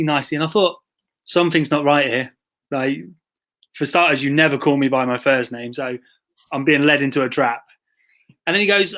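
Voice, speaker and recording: A man co-hosting a podcast, telling a self-mocking anecdote in a relaxed, chatty way. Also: on the high side. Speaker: podcast co-host. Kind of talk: casual conversation.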